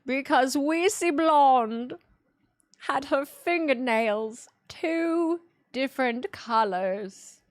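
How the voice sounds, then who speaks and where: A woman putting on a booming doomsday prophet. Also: drawn-out words, no echo, studio quality. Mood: mock solemn. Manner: booming, solemn, old-fashioned scriptural phrasing. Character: grandiose doom-preaching prophet foretelling plagues.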